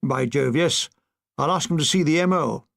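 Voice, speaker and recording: A man's voice: on the high side, normal speed, vocal fry, a bit bright. A man voicing a stuffy, harrumphing older British general. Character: stuffy elderly male British general, low and gruff.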